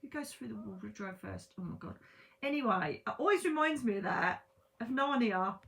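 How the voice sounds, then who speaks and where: A woman's voice: fairly high pitch, animated, moderate pace, creaky, fairly bright tone. A woman giving a chatty tarot reading to camera from her bed, bubbly and full of exclamations. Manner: bubbly, exclamatory, talks straight to viewers. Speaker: psychic tarot reader. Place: at home in bed.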